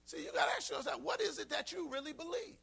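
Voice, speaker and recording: A man's voice: very high-pitched, animated, fast talker, vocal fry, pushed and bright. A man pastor preaching a sermon, repeating key lines for emphasis. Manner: preaching with call-and-response emphasis and repetition.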